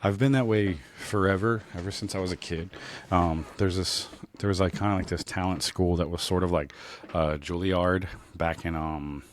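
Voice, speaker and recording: A man's voice: low voice, fairly even intonation, normal speed, slight background noise. A man in his thirties from New Orleans, telling stories from his life in a rambling way with many fillers and restarts. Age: 30s. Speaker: podcast host. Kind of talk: casual storytelling monologue.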